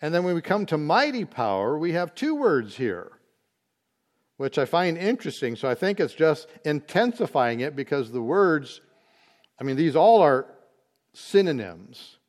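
A man teaching a Bible study, explaining word meanings slowly and deliberately, with occasional fillers. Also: a little high, big pitch swings.

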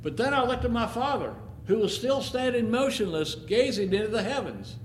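A man telling a first-person story in an expressive, emotional way. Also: extremely high pitch, moderate pace. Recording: echoey room, faint noise.

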